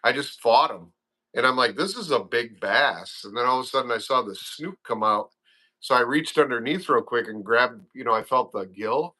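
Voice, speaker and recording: Man, bright voice, lively storyteller, casual fishing chat. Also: medium pitch, fairly quick. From Wisconsin. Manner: excitable storyteller, acts out his own reactions. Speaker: guest, father of a young angler.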